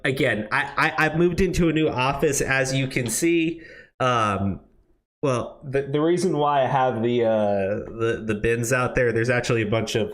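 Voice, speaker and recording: A man's voice: mid-range voice, a bit bright. A man ranting on a live stream from his office, swearing a lot and stammering through restarts. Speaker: streamer and commentator. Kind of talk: profane live-stream commentary. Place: new office.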